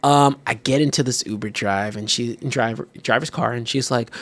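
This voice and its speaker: A man's voice: medium pitch, normal speed. A man on a casual podcast, animatedly telling a story with lots of fillers and the odd swear word.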